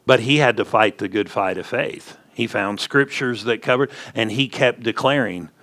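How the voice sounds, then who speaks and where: A man's voice: mid-range voice, normal speed, fairly bright tone. Folksy man preaching a sermon. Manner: folksy storytelling preacher, rising emphatic punches. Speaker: pastor.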